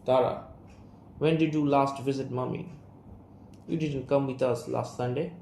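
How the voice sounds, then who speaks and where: A man's voice: medium pitch, fairly even intonation, a little slow, creaky, mellow. Tara, a man reading a resentful young woman. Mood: bitter. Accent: Indian English. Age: young adult. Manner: reads character names and stage directions aloud. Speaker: student reader. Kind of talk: reading an audio play aloud. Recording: roomy room, faint hiss.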